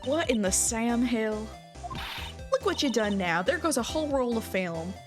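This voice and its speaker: A woman's voice: a little high, animated, unhurried. A woman voicing a brash, feisty Southern woman photographer in a put-on drawl, reading game dialogue aloud on stream, with game music playing. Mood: sassy. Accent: exaggerated Southern US drawl. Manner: sassy, folksy, confrontational.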